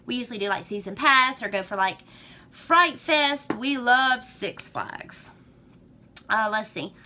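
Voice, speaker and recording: A woman's voice: on the high side, animated, unhurried, bright, forceful tone. A woman with a Southern US accent chatting through a get-to-know-me tag vlog, rambling and gushing. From Georgia, US. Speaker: vlogger.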